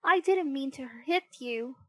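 A woman's voice: a little high, lively intonation, unhurried, no room sound, clean studio sound. Woman voicing a bratty puppet boy. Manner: bratty, loud outbursts. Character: mischievous rude boy puppet, impulsive.

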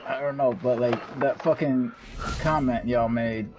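A man's voice: mid-range voice, fairly even intonation, unhurried, dull audio. A man in casual gaming voice chat, rambling and swearing with laughs between his lines. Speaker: gamer in voice chat. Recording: loud crowd noise behind.

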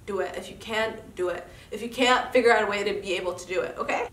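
A woman's voice: mid-range voice, fast talker, few pauses, a bit bright. A young woman talks earnestly to her viewers, encouraging them in a casual faith chat. Her nose is stuffed up. She sits a little back from the mic in a roomy, echoey space. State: congested nose. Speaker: vlogger host. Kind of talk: casual motivational faith talk. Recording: echoey room, mic at a distance.

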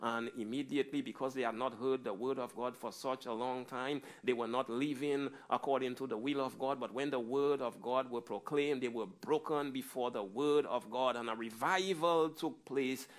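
A man preaching a verse-by-verse sermon as pastor, moving between low, quiet passages and loud, raised preaching. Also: normal speed, hardly any pauses.

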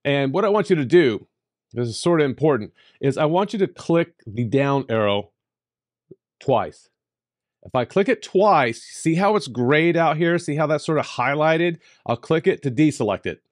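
A man talks through a software tutorial in a voice-over. He is emphatic and playful, and his voice leaps up in pitch when he stresses a point. His voice sits in the middle range, recorded close and dry with no room sound. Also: dry recording. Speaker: tutorial host.

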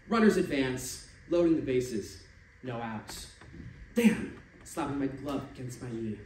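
A man reading stories aloud at a live stage event, expressive and shifting voices for the figures. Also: mid-range voice, measured pace. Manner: expressive, changes voice for quoted figures. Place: stage venue. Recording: echoey room from a distance, faint noise.

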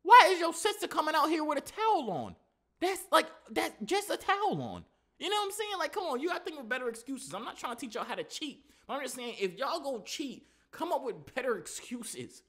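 Reaction host man, high lively voice, slangy, mocking, casual, repeats his catchphrase. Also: brisk. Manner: slangy, animated, mocking, repeats "you know what I'm saying".

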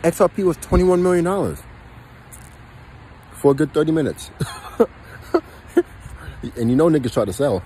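A man's voice: on the high side, very animated, normal speed, long pauses, warm tone, a little hiss or hum, rough recording. A man ranting as a vlogger, swearing constantly, repeating himself and laughing between lines. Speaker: astrology and crypto vlogger. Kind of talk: excited profane rant.

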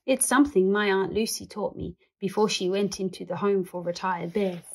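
A woman's voice: medium pitch, steady tone, normal speed, a little mellow, husky. A woman voicing a polite, earnest young male bear in a children's storybook reading, speaking in a plain, matter-of-fact way.

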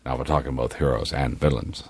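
A man doing a deep, solemn old narrator. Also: steady tone, fairly quick, darkish tone, husky. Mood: mock solemn. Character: deep-voiced wise older man narrator impression.

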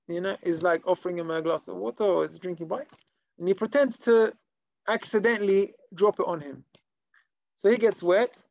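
A man, a rabbi, telling stories in an animated, conversational way to a small live class. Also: sits high, vocal fry, dry recording, dull audio. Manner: animated, conversational storyteller with many fillers. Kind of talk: storytelling Torah lesson to a live group. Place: room with a small live audience.

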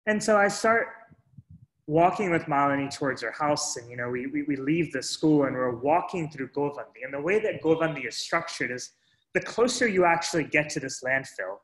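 A man's voice: a little high, expressive, moderate pace, a bit bright. Earnest man telling a story, echoey room. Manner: earnest, strings sentences with "and so", addresses the audience as folks. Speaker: speaker sharing a story. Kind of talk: first-person storytelling talk.

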